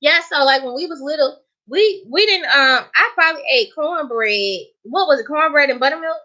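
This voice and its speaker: A young woman with a Southern US accent hosts a cooking channel, chatting playfully and emphatically on a live stream and laughing often. Her voice is high, expressive, pushed and bright at a normal speed. The lo-fi live-stream audio sounds dull.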